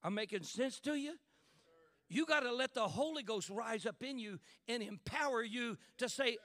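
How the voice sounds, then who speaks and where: A man preaching a fervent sermon in church, building to shouts and calling out to the congregation. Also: extremely high pitch, lively intonation, moderate pace, a faint crowd.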